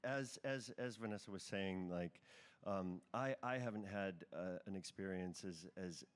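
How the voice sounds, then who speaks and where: A man speaking softly and haltingly in a live event interview. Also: low-pitched. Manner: soft-spoken, halting. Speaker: film actor at a premiere.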